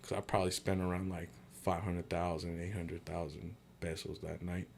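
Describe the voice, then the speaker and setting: A man's voice: sits low, flat delivery, moderate pace, vocal fry, slight background noise. A young man on a podcast, telling a wild story in slangy, swear-filled casual chat. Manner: slangy, swears freely, acts out quotes in other voices. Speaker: podcast guest.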